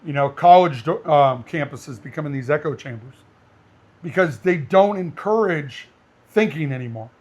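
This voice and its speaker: Brief: high-pitched male podcast co-host, blunt and animated, firearms instructor. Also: moderate pace. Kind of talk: casual podcast chat.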